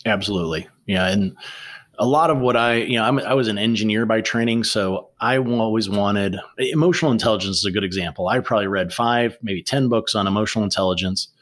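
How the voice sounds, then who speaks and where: A man talking as a guest author, telling stories in a lively, animated way with frequent restarts. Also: fairly low pitch, fast. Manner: animated storyteller, many restarts. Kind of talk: conversational interview.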